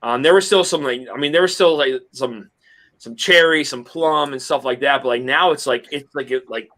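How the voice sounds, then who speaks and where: A man's voice: mid-range voice, normal speed, bright, forceful tone. A man hosting a live group chat, talking loosely and rambling with many restarts. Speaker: host of a whiskey review livestream.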